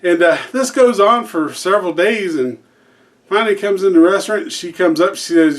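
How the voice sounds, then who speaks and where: A man tells a long joke in a relaxed, rambling way, restarting lines and filling pauses. His voice sits on the higher side for a man. He talks like a regular joke-channel host. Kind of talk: casual spoken joke telling.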